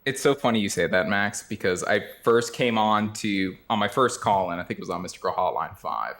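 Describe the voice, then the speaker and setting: A man's voice: on the low side, lively intonation, a little fast, a bit bright. A man calling in to a stream, chatting casually and agreeably, laughing along and giving short affirmations. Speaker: caller. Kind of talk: casual call-in chat.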